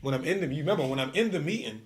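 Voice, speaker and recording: A man telling a story in casual chat, animated and full of slang, acting out quotes. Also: racing. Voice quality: heavy profanity and slang. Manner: animated storyteller, acts out quotes with rising pitch. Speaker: streetball tour organizer.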